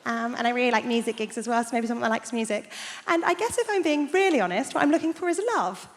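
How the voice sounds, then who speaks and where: A woman's voice: fairly high pitch, fast. A woman performing a stand-up comedy routine on a large theatre stage, telling a story in a chatty, punchy way with frequent "okay?" and "right?" asides. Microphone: stage mic. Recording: live theatre with long reverb and faint noise.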